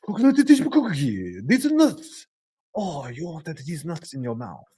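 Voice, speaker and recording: A man's voice: a little high, sing-song, a little slow, mellow, slightly rough, full character voice. A man voicing a silly, crude joking character with a mocking delivery.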